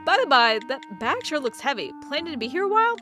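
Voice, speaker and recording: A woman's voice: high voice, sing-song, fast talker, bright, forceful tone, soft background music, voice pushed up, exaggerated voice. A woman voicing a chatty, nosy older male taxi driver in a put-on New York accent. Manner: talkative, pushy, folksy.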